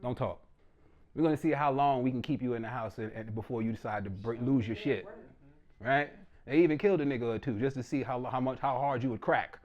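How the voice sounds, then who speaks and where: A man performing a profane, animated stand-up comedy set on a small stage in a living room. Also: mid-range voice, fairly quick, lo-fi sound. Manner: loose, profane street talk, animated delivery.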